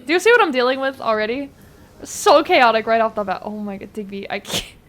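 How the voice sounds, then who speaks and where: A young woman streaming a game live, excitable and laughing often, swearing freely and using casual gamer slang. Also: on the high side, fairly quick. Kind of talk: live-streamed gameplay chat.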